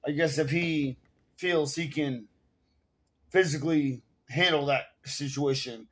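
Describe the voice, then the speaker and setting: A man's voice: on the high side, slow pace, slightly rough. Profane New York guy ranting. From Bronx, New York. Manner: profane, rambling, full of fillers. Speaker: vlogger. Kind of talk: casual rant to camera. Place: at home.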